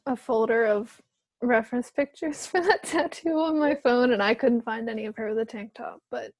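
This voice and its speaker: Chatty high-voiced young woman. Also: moderate pace, dry recording. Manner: chatty storyteller, many "like"s, laughs often. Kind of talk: casual chat.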